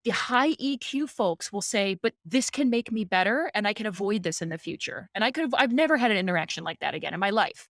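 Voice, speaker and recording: Woman executive, podcast guest, mid-range voice, lively storyteller, dry close sound. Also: medium pitch, fast talker, hardly any pauses, dry recording. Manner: animated, acts out quoted dialogue. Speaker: guest, company president.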